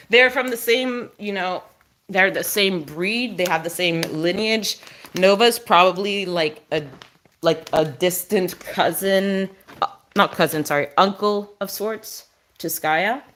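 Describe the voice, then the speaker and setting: A woman's voice: fairly low pitch, slow pace, fairly bright tone. A woman chatting on a casual live stream, explaining dog breeds to viewers and cooing at her dog between remarks.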